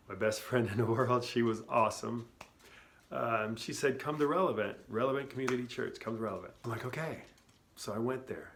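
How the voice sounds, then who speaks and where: A man's voice: mid-range voice, fairly bright tone. A middle-aged man telling his founder story in a casual, earnest way, talking with many asides and restarts, recorded on his phone. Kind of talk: casual personal testimony.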